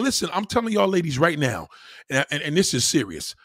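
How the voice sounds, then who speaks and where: Male streamer, high-pitched husky voice, heated profane rant at chat, dry close mic. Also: a little fast, no room sound. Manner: loud, animated, profane, reacting to viewer comments. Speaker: livestream host.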